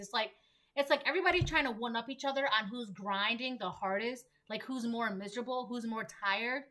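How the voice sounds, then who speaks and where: A woman's voice: on the high side, fairly quick, pushed and bright. A young woman giving a casual collective tarot reading, emphatic and repetitive, full of "like". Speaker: tarot reader.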